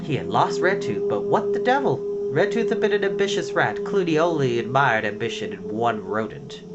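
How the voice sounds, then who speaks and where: A man narrates a storybook in a dramatic, expressive way. His pitch moves a great deal as he reads. Gentle music plays behind him. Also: normal speed, highs cut off. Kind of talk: storybook read-aloud.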